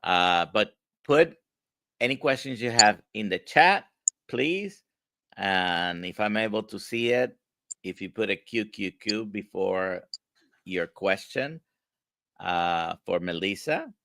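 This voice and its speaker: A man with a Spanish accent hosting a livestream interview, talking in halting bits and repeating words. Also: low voice, fairly bright tone, dry recording, studio quality. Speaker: host.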